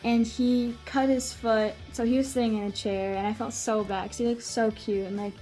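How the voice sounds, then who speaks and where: Brief: young female vlogger, high voice, excited rambling storyteller, faint music under. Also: normal speed. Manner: gushing, many filler "like"s. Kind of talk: casual storytelling vlog.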